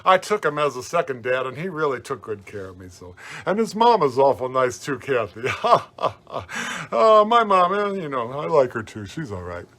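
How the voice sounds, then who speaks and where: A man's voice: mid-range voice, very animated, normal speed, a bit bright. A man playing a happy hobo clown as guest host of a family comedy show, rambling folksy stories and corny jokes. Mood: jolly. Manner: rambling, folksy, jokey, chuckling.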